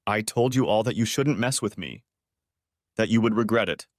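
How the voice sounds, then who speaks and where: A man voicing a big male prison inmate who speaks slowly and measuredly. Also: lowish voice, animated, no room sound, clean studio sound. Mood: apologetic.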